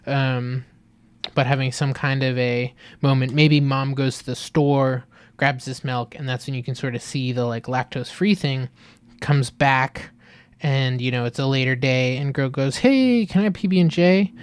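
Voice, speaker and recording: A man giving a casual, rambling critique of an ad, full of fillers, who acts out little scenes in higher voices. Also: little pitch movement, a little slow, clean tone, no room sound. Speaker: video critic reviewing ads.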